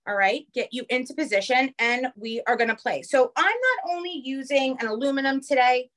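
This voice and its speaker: A woman with a New York accent teaching a live online craft class over a phone camera, chatty and quick, checking in with the viewers often. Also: high-pitched, a bit bright. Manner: fast-talking, chatty, keeps checking in with "okay?". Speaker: craft instructor.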